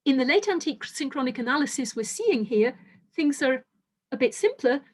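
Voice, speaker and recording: A woman's voice: sits high, lively intonation, a little fast. A middle-aged woman lecturing on linguistics, explaining step by step in a careful, methodical way, with frequent restarts and self-corrections. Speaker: university lecturer. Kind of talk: academic lecture.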